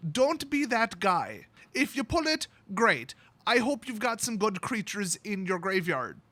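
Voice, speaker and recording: A man reviews cards in a playful, exaggerated put-on Irish accent. His voice sits high and sounds crisp and sharp. The recording is dry, with no room sound. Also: sing-song, a little slow, no room sound. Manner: joking, exaggerated mock accent. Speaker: channel host. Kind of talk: card spoiler review.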